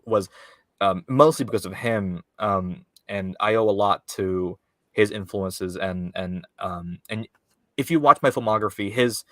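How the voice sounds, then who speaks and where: A man's voice: on the low side, sharp tone, dry recording, clean studio sound. A man, a filmmaker guest, chatting casually in an interview with lots of fillers, restarts and laughs. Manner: rambling, many fillers and restarts, laughs often.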